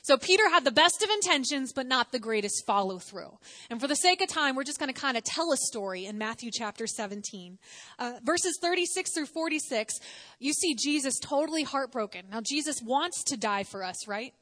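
A woman's voice: sits high, expressive, fairly quick, bright, forceful tone. A woman preaching a sermon in a conversational way, asking the audience questions and acting out quotes.

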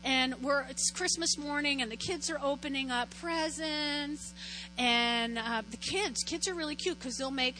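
A middle-aged woman pastor preaching in a lively, conversational way, telling stories and constantly checking in with her listeners. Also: high-pitched, measured pace, faint music behind, poor audio. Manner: animated, storytelling, keeps checking in with "right?". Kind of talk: conversational sermon.

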